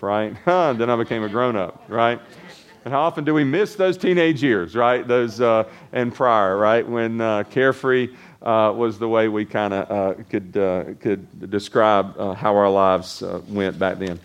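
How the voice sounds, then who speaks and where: A man's voice: medium pitch, moderate pace, smooth, highs cut off. A middle-aged man preaching a sermon as pastor, talking in a loose conversational way with restarts and frequent tag questions.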